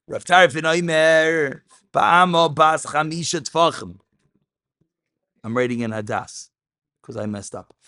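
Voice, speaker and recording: A man teaching a Talmud class, animated, mixing English with Aramaic terms and raising his voice for emphasis. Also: fairly high pitch, dry recording, clean studio sound.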